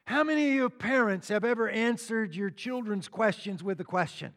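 A man with a high-pitched voice preaches a sermon, teaching through scripture verse by verse. He breaks off into casual asides to the congregation, and his voice rings with the long reverb of a large hall. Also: moderate pace, fairly bright tone. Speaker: pastor.

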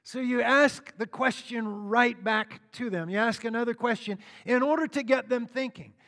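A man's voice: extremely high pitch, normal speed, a bit bright, big-room sound. A man preaching a sermon, walking through scripture verse by verse with conversational asides to the congregation. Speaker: pastor.

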